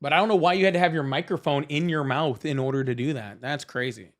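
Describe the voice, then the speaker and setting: A young man runs a live political call-in stream in a fairly high voice. He rambles, swears freely and restarts his sentences as he talks over callers. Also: fast talker. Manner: loose and profane, many fillers and restarts. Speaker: livestream host. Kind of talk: casual livestream debate with callers.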